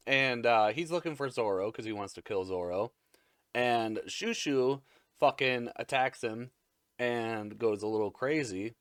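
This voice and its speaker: A man's voice: mid-range voice, a bit bright, dry recording, clean studio sound. A man hosting a casual episode recap, rambling, crude and jokey. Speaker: anime recap host.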